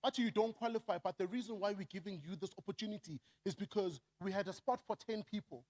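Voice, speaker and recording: A man's voice: high-pitched, fast talker. A man with a South African accent giving a motivational stage talk, switching between storytelling and rallying the crowd. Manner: animated, leads crowd call-and-response shouts. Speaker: motivational speaker. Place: event stage before a crowd.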